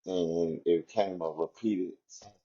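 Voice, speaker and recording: A man's voice: low voice, steady tone, unhurried, dark tone, dull audio. A man, a former inmate, speaks candidly and reflectively about his past, in a loose style filled with "you know" and "like". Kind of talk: candid personal storytelling.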